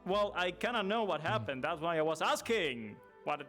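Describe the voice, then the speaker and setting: A man speaking in character during a livestreamed roleplay, quick and joking. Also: a little high, expressive, over music. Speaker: roleplayer playing a student.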